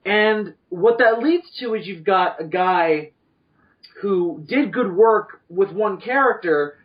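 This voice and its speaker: A man co-hosting a podcast, rambling through animated opinions with lots of restarts. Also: high-pitched, slow. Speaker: podcast co-host. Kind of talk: casual chat. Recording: distant, dull lo-fi podcast mic.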